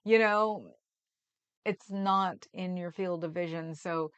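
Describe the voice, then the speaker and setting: A woman's voice: on the low side, slow, clear, resonant tone, lo-fi sound. A woman hosting a livestream, chatting casually and rambling with frequent laughs. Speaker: livestream host. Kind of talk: casual chat reading comments.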